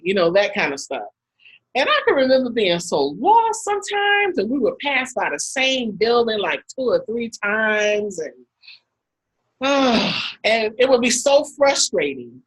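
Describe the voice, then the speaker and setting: Woman, husky voice, storytelling host, animated anecdotes, video call. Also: a little high, measured pace, low-quality recording. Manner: animated anecdotes, acts out quotes with laughs. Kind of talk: casual storytelling talk.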